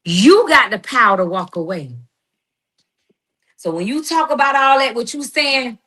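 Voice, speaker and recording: A woman's voice: on the high side, sing-song, normal speed, sharp tone. Fiery woman calling someone out. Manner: emphatic, confrontational, preachy with slang. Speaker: guest responding to critics. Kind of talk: heated personal monologue.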